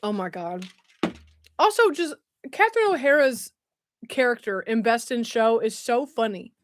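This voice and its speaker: A woman's voice: a little high, lively intonation, moderate pace, slight background noise. A woman hosting a casual live stream, chatting and reading comments with a giggly, self-mocking manner. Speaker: streamer host.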